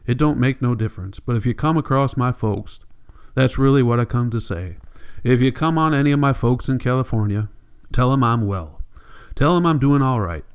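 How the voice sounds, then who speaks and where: A man reading the part of a weary older male drifter who refuses to leave his land, in a quiet, resigned rural drawl. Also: medium pitch, expressive, normal speed, smooth, close to an everyday voice. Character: weary old male drifter clinging to home.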